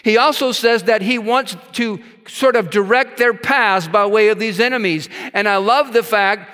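Guy preaching in a big hall, high clear voice, lots of reverb, leans hard on key words. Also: normal speed, pushed and bright. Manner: emphatic, reads scripture aloud with asides. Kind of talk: sermon.

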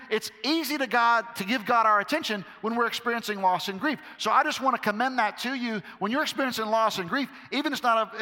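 Bright high-voiced middle-aged male pastor. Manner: conversational, emphatic preaching with repetitions. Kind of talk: sermon. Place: large hall with a live audience. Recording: echoey hall reverb.

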